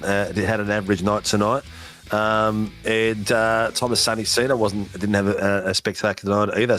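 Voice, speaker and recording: A man's voice: on the low side, a bit bright. A man hosting post-race interviews for a sim racing broadcast, chatty and hyped up. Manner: hyped announcer, chatty, says mate a lot.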